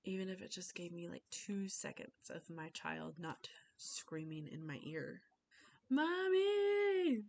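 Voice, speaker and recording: A woman's voice: low voice, fairly even intonation, measured pace, gravelly. A young woman giving an informal class speech, chatty, often acting out little conversations in voices.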